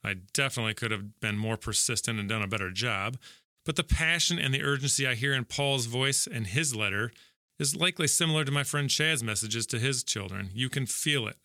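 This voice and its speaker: A man's voice: mid-range voice, brisk, pushed and bright, dry recording, studio quality. A middle-aged man reading a Bible passage aloud and reflecting on it in an earnest, conversational way with light jokes. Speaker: devotional speaker.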